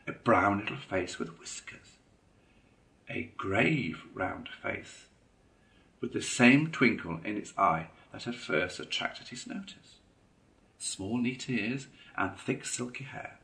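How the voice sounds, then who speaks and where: Gravelly male storybook narrator. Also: lowish voice, expressive, takes it slowly, sharp tone. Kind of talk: storybook reading.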